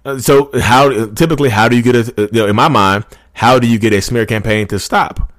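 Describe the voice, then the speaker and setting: Clean studio sound with no echo captures a man in his thirties with a mid-range, fairly bright voice and a brisk pace. As a YouTube host talking casually to camera, he rambles chattily, calls his audience "y'all," and erupts in passionate rants.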